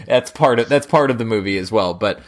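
A man's voice: on the low side, a little fast. A man co-hosting a casual film chat, laughing often and hesitating with ums. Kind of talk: casual chat about films.

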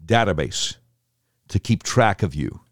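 A man's voice: low-pitched, very animated, measured pace, no echo. Sarcastic guy going down a list and ranting, voice jumps up and down a lot, dry sound. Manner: indignant and sarcastic. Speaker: political commentator. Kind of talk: reading a vote list with commentary.

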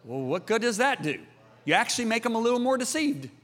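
A middle-aged man preaching a sermon, emphatic and theatrical, jumping from shouts to hushed asides. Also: extremely high pitch, sing-song, fast, in a large hall.

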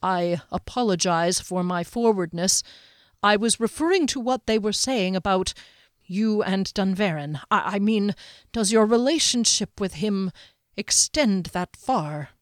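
A woman reading gentle, hesitant young knight. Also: medium pitch, expressive, a little slow, no echo, studio quality, close to an everyday voice. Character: earnest, chivalrous young knight man.

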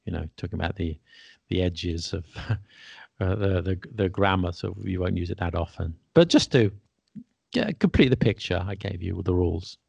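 Gravelly man explaining grammar. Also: low voice, moderate pace, a little mellow, no echo. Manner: explains patiently, checks with "okay?". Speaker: English teacher and podcast host. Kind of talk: casual podcast explaining grammar.

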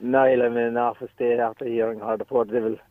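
A man's voice: mid-range voice, little pitch movement, fast, a crowd in the background. An Irish man calling a radio show, joking and swearing casually. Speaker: caller. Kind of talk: radio phone-in call. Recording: dull lo-fi phone line.

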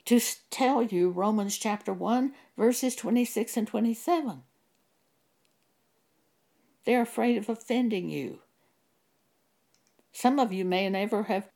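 A woman preacher delivering a sermon, speaking deliberately and with emphasis, pausing to cite scripture chapter and verse. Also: mid-range voice, vocal fry, a little mellow.

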